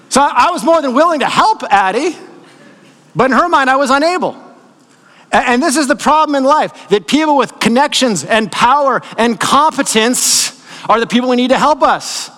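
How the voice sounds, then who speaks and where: A middle-aged male pastor with a notably high-pitched voice, preaching in a relaxed, conversational manner. He keeps asking the congregation questions and answering them himself. His voice trails off into the long reverb of a large sanctuary. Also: fairly quick. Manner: conversational storytelling with fillers. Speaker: lead pastor. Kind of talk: sermon.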